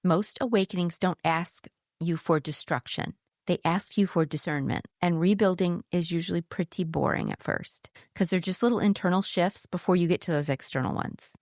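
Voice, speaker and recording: A woman's voice: on the low side, normal speed, darkish tone, no room sound, clean studio sound. A middle-aged woman hosting a solo podcast, talking candidly and conversationally about spiritual growth, with a casual swear here and there. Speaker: podcast host.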